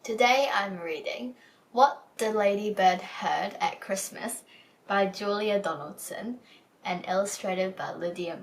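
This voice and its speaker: A woman hosting a book club episode, reading a children's picture book aloud in a gentle storytelling manner. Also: mid-range voice, distant mic, poor audio. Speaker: storybook reader.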